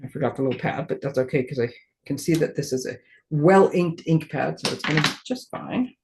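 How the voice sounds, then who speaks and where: A woman's voice: deep voice, fairly quick, background noise. A friendly woman runs a casual live crafting demonstration and talks her viewers through each step. She thinks aloud while her hands stay busy. She makes light of her own clumsiness in an easygoing way. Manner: chatty, thinks aloud while working, self-deprecating.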